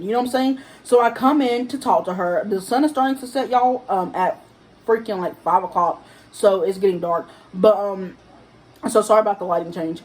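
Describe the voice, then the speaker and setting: A young woman telling a casual storytime vlog to camera at home, acting out the quotes of the people in her story in a higher voice. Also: fairly quick, rough recording. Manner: animated, acts out quotes in a higher voice. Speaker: vlogger.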